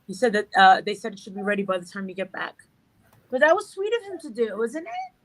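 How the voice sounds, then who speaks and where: A woman's voice: medium pitch, very animated, fast talker, low-quality recording. A middle-aged woman chatting casually as an interview guest, swearing freely and acting out the dialogue in her stories. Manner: swears freely, tells stories with reported speech. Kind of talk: casual chat.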